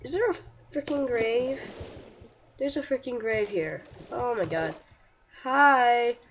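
A young woman chatting through her own gameplay, excitable and self-mocking, yelping and shouting at enemies between slow, rambling remarks. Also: a little high, slight background noise. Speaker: gameplay streamer. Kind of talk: casual live commentary while playing a game.

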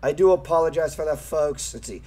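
A young man streaming a game, chatting casually, swearing often and squealing with excitement at thrilling moments. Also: fairly high pitch, fairly quick. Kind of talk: casual gameplay commentary.

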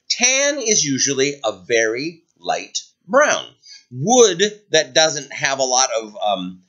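A man teaching circle time to preschoolers over a computer camera, talking in a gentle, playful way to small children. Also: a little high, highs cut off. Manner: gentle, playful, sing-song talk to small kids. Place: indoors, away from the classroom. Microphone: computer webcam.

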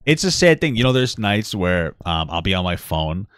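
A young man with a very deep, low voice, chatting casually as a podcast co-host. He jokes, rambles and restarts his sentences, laughing often. The sound is close and dry, with no room echo. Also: sing-song, normal speed, a bit bright, smooth. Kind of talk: casual reaction chat.

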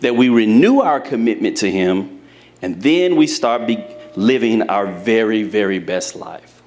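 A man's voice: fairly low pitch, lively intonation, measured pace, darkish tone. A man preaching a sermon to a live congregation in church, speaking to them directly and telling folksy, humorous stories. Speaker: pastor.

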